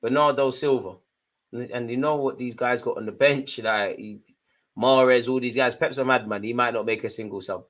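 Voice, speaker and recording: Jokey man doing live match banter. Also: moderate pace. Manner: chatty, jokey running banter with slang; swings between excited outbursts and low muttered asides. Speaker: fan watchalong host. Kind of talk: live football watchalong commentary.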